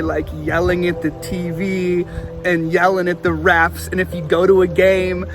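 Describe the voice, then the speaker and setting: A male pastor delivers an online sermon, retelling a story with animated energy and playful jokes. His voice sits high for a man. Music plays quietly behind him.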